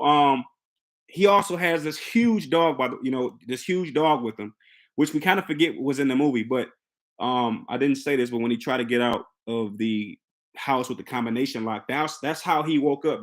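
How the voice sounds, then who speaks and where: A young man casually recapping a movie plot for his channel. He tells it as an excitable story, restarts his sentences and acts out the characters' lines. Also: a little high. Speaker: film reviewer recapping a movie.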